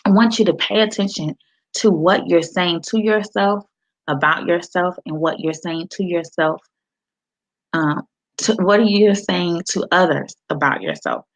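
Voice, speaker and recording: A woman's voice: on the low side, unhurried. A middle-aged woman from Miami giving an inspirational talk on a livestream, quoting scripture and greeting her viewers by name in a preacherly way. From Miami, Florida. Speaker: motivational speaker and author. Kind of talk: live-streamed inspirational talk.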